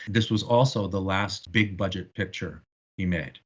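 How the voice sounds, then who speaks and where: A low-pitched man speaking as a guest expert on a podcast, telling stories with lively enthusiasm. His audio sounds dull and lo-fi, as if from a remote connection. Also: normal speed, slightly rough. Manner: animated, knowledgeable storyteller. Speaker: guest film historian. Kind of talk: casual podcast discussion.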